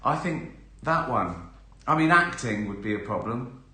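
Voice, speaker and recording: A middle-aged man talks casually through a live stream, answering viewer questions. His voice is bright and forward, he laughs often and acts out little scenes. The room gives a noticeable echo. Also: mid-range voice, animated, a little slow.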